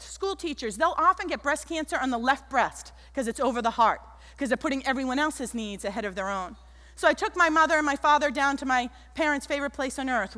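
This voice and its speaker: A woman giving an animated keynote talk on stage, telling stories and acting out the people in them. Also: high voice. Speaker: keynote speaker. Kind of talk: motivational stage talk with storytelling. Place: large auditorium stage. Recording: echoey auditorium.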